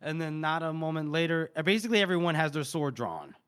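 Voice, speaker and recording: Quick, expressive, and fairly bright, his smooth voice sits on the high side. He's a podcast co-host breezily summarizing a fantasy book chapter, hamming up quotes and swearing liberally.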